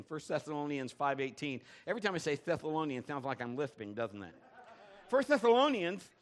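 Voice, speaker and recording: A man's voice: mid-range voice, fairly bright tone. A man preaching a sermon in a loose, conversational way, asking the congregation questions and telling funny stories. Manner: conversational, joking storyteller, asks the crowd questions. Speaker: pastor.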